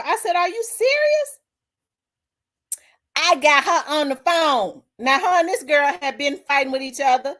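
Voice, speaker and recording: Animated woman telling her story. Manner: animated, acts out quoted dialogue with big pitch jumps. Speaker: host. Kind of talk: candid storytelling to viewers.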